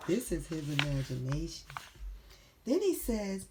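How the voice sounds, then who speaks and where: Woman reading a picture book to kids; slow and bouncy, faint background noise. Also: medium pitch, expressive, darkish tone. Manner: slow, questioning, encouraging. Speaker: storybook reader.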